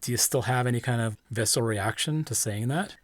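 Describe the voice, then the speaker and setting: A man's voice: medium pitch, fairly quick, no room sound. A man from Canada hosting a podcast, asking earnest, conversational questions. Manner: earnest, laughs easily, conversational. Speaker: podcast host. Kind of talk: casual interview questions.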